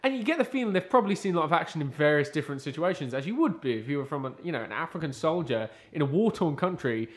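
A man's voice: a little high, animated, rapid-fire, few pauses. A man co-hosting a casual chat, talking in a loose, rambling way with jokes and lots of filler words. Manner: loose, rambling, jokey, full of "like". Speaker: podcast co-host.

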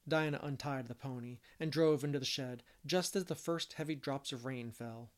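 A male audiobook narrator with a middle-pitched voice. He reads with steady, measured pacing. It is scripted storytelling throughout.

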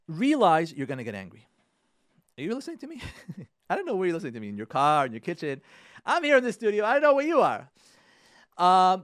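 A man's voice: high voice, no echo. A man hosting a radio advice show from a studio, lecturing listeners in an emphatic, repetitive way. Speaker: radio host giving marriage advice.

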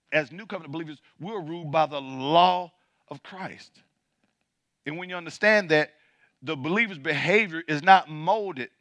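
A man preaching a sermon as pastor, reading scripture aloud and calling out questions to the congregation. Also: no echo. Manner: builds from low and quiet to loud and high.

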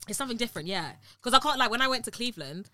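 A woman's voice: a little high, racing, dry recording. A young British woman from the UK, chatting as a podcast guest and acting out quoted dialogue as she tells stories. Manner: animated storyteller, acts out quotes. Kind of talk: casual podcast chat.

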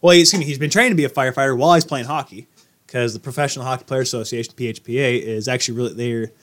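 A man co-hosting a hockey podcast in casual, excitable chat. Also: medium pitch, rapid-fire. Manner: excitable, breaks into shouts and laughs. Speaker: podcast co-host.

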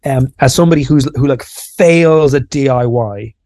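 A man's voice: medium pitch, normal speed, a little mellow. An Irish man co-hosting a podcast, talking casually and self-deprecatingly, explaining ideas with lots of restarts. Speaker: podcast co-host.

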